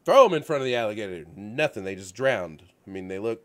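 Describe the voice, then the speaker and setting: A man's voice: lowish voice, quick pace. A man hosting a casual talk show, rambling through video game stories with lots of fillers and restarts. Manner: rambling, animated storytelling with frequent fillers. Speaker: show host. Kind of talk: casual chat about video games. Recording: radio-show studio setup.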